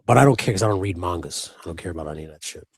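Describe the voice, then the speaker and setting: Talking very fast with lively intonation, a man co-hosts a live customizing stream in loose, casual chat. He curses freely and wanders between topics, his low voice slightly rough and recorded dry.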